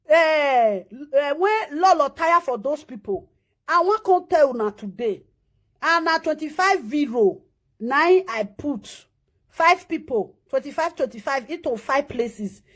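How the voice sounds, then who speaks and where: Woman, middle-aged, Nigerian Pidgin, casual livestream host, very high-pitched, chanting and teasing. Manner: chanting, playful, scolding viewers.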